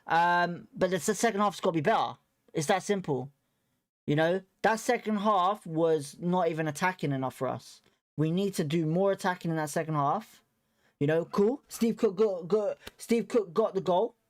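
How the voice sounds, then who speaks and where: A young man rants after a match as the host of a fan watchalong stream. He swears constantly and circles back on the same points in blunt, frustrated bursts. He keeps telling himself to stay calm and then flares up again. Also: high-pitched, moderate pace. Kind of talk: heated post-match fan rant.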